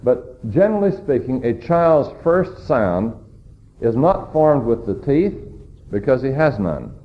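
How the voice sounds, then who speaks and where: A man preaching a sermon, teaching slowly and deliberately with many "uh" fillers and rhetorical questions to his congregation. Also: mid-range voice, very animated. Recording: dull lo-fi sermon recording with faint noise.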